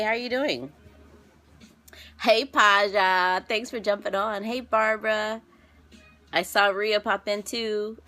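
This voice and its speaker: A woman wardrobe stylist hosting a casual live stream, bubbly and quick to laugh as she greets viewers by name. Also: medium pitch, fairly bright tone.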